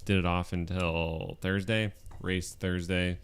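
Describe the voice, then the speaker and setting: Deep smooth laid-back man. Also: little pitch movement, slow. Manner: laid-back, dry understatement. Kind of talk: casual chat.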